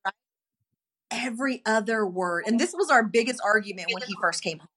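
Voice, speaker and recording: Animated woman telling a story. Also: a little high, brisk, breathy edge. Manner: animated storytelling, acting out quoted dialogue. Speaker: podcast co-host. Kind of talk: casual chat.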